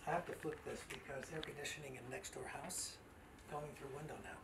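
A woman's voice: a bass voice, fairly even intonation, a little fast, vocal fry. A woman chatting offhandedly on set about the recording setup. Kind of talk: casual on-set chat. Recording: roomy, distant, noisy.

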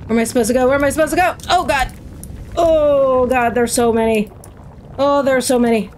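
A woman giving let's play commentary on a horror game, excitable and yelling mock exorcisms at the monsters. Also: high voice, fairly quick, a little hiss or hum. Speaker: gaming commentator.

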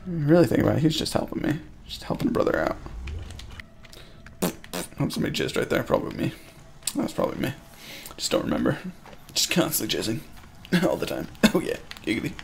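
Crude jumpy male streamer, gravelly. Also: on the high side, slight background noise. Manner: crude, jumpy, swearing, laughing. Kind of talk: live gameplay commentary. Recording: game music behind. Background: horror game music.

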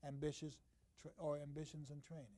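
Older male professor, somewhat high voice, dry close mic; emphatic lecturing, reads passages in slow rhythm. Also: completely flat delivery, dry recording. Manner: swings from loud emphatic stresses to low quiet asides. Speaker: literature professor. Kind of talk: university lecture.

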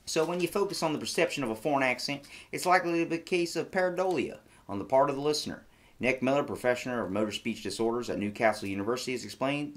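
A male comedy podcast host who reads from his notes with emphatic, theatrical delivery. His voice sits at a middling pitch. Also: animated, quick pace.

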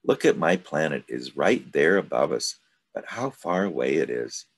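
Guy reading a storybook and doing a little boy prince from a star, curious and earnest, asking wondering questions in a raised, lively voice. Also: rumbling low, moderate pace, creaky, slightly rough, full character voice.

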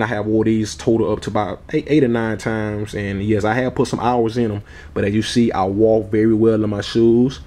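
A man's voice: mid-range voice, a little mellow. A man vlogging casually about his sneakers in a laid-back way, often tacking on "man" and chuckling. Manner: laid-back, repeats "man" and "you all" a lot. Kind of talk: casual chat.

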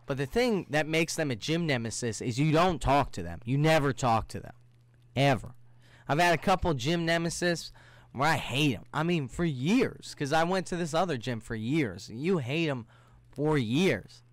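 A man hosting a solo podcast, ranting in a rambling, profane way that swings from low mutters to heated outbursts. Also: dry recording. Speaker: podcast host. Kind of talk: casual solo podcast rant.

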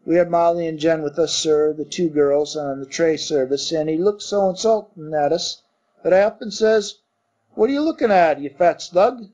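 A man doing a rough Cockney bellboy. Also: on the high side, moderate pace, darkish tone, natural voice. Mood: gossipy. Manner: rough dropped-grammar working-class speech. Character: coarse young male Cockney bellboy, blunt and rattled. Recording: dull muffled recording.

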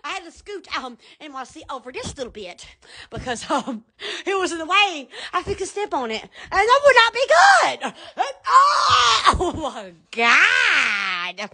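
A woman's voice: very high-pitched, very animated, normal speed, bright, forceful tone. A woman chatting casually on a live stream from her phone, giggling, squealing and rambling. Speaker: shop owner streaming live.

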